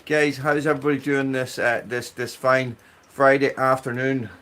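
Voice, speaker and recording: A man's voice: mid-range voice, little pitch movement, moderate pace, a bit bright. An Irish man chatting casually on a live stream, greeting viewers by name from a small cabin with a wood stove. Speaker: livestream host.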